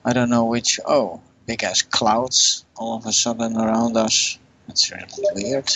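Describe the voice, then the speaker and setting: A man's voice: medium pitch, measured pace, creaky, bright, forceful tone, slight background noise, rough recording. A young man with a Dutch accent, commenting casually on a flight simulator game and thinking aloud, unsure of himself. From Netherlands. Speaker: flight sim gamer.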